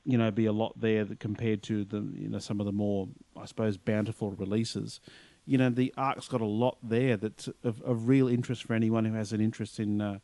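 A male podcast co-host with a lowish voice, rambling through his points with plenty of fillers. The sound is dry and close. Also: level tone, a little fast, dark tone, no room sound. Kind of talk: casual podcast chat.

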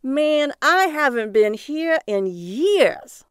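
A woman's voice: a little high, big pitch swings, unhurried, dry recording, clean studio sound, voice pushed up. A woman reading a story aloud and voicing a chatty, blunt male cab driver who drags out his words. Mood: offhand. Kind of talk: audiobook reading.

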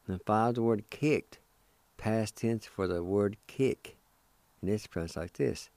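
A radio host teaches a language lesson in an unhurried, deliberate way. He spells words out letter by letter and repeats them. His voice is low, mellow and dry, close to the mic. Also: no room sound.

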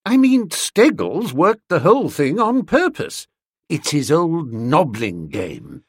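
A man voicing a flustered, good-natured young gentleman who talks in an exasperated, chatty way. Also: a little high, sing-song, slow pace, slightly rough, dry recording, studio quality, pitched above the performer's own voice, heavily acted.

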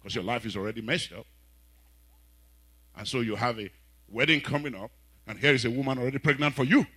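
A man with a Nigerian accent preaching a sermon, telling stories and breaking into sudden loud exhortations. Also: mid-range voice, fairly quick, breathy edge, dry recording, low-quality recording.

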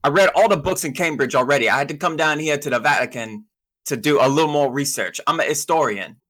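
A man doing a rough-spoken folksy scholar. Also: fairly high pitch, lively intonation, quick pace, pushed and bright, heavily acted. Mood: boastful. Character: rough-spoken, cheerful young male scholar.

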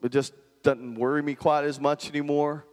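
A man's voice: fairly high pitch, flat delivery, normal speed, a little mellow, in a large hall. A male pastor preaching a conversational sermon and often asking the congregation questions.

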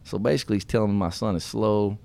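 A man's voice: fairly low pitch, fairly even intonation, quick pace, creaky, warm tone. A middle-aged man hosting a radio talk show, telling personal stories in a folksy way with laughs. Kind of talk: casual storytelling talk. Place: radio studio.

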